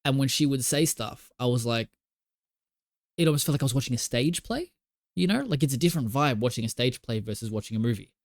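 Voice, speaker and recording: A man's voice: mid-range voice, lively intonation, fast, no echo, studio quality. A man co-hosting a podcast, chatting casually about a film in a rambling way, full of "like" and "you know". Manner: rambling, filler-heavy, lots of "like" and "you know". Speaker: podcast co-host.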